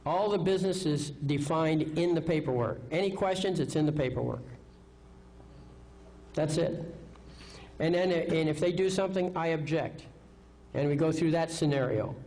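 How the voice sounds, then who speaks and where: A man's voice: fairly high pitch, moderate pace, long pauses, warm tone, low-quality recording. A man giving a live seminar lecture, confident, asking rhetorical questions and checking in with "okay?". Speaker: seminar speaker.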